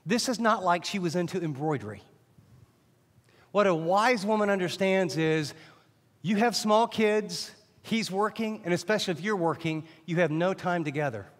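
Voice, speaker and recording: A middle-aged man preaching a sermon as a Bible teacher, animated and often restarting his sentences. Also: high voice, moderate pace. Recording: long hall reverb.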